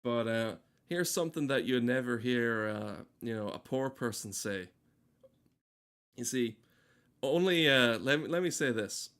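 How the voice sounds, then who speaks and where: A male streamer chatting loosely over his gameplay, cursing freely and cutting himself off mid-sentence. His voice sits at an ordinary middle pitch, neither high nor low. He jokes with his chat as he plays. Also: lively intonation, measured pace, a bit bright, clean tone. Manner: rambling, swearing, self-interrupting, joking with chat. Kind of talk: casual gaming stream commentary.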